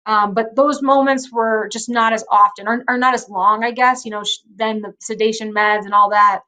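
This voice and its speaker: Soft-spoken young woman, filler-heavy. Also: a little high, steady tone, normal speed. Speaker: guest wrestler. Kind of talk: emotional interview conversation.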